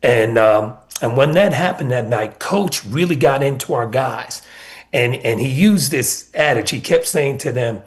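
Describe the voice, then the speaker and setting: On a sports radio interview, a middle-aged former college basketball assistant coach, speaking as a guest, earnestly recounts stories from past seasons in a mid-range, unhurried voice. He builds his answers in steady runs and repeats key points for emphasis.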